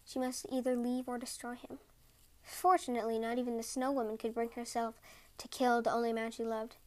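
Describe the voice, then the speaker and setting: A woman podcast host reading folk tales aloud in a gentle, measured way. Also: on the high side, little pitch movement. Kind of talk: storybook reading.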